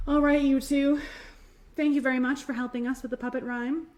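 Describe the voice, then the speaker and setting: A children's librarian hosting storytime, reading aloud in a bright, animated way. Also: female voice, high-pitched, a little fast. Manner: bright, animated, plays up the characters.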